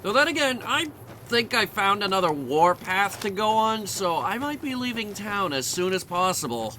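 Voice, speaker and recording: Bright-voiced sarcastic young gamer. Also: male voice, high-pitched, sing-song, moderate pace, slight background noise. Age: young adult. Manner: sarcastic, rambling, jokey asides. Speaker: let's play commentator. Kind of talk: comedic game commentary.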